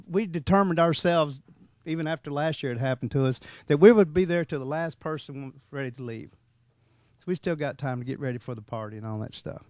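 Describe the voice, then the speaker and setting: A middle-aged man, telling a rambling, animated story to a meeting and laughing now and then. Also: fairly high pitch, no echo. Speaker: motivational speaker at a sales meeting. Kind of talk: folksy storytelling talk to a room. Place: meeting room.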